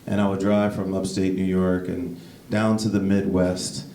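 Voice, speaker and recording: An American man performs stand-up with a lowish, gravelly, warm voice, rambling at a measured pace, correcting himself, and breaking into sudden high-pitched bursts despite little pitch movement overall. He's recorded from a distance in an echoey club, with room noise and audience laughter beneath him.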